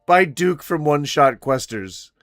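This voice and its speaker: A man's voice: a little high, expressive, slow, fairly bright tone, no echo. A man giving profane, mocking reaction commentary, often breaking into laughter. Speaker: commentary YouTuber. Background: faint smooth jazz.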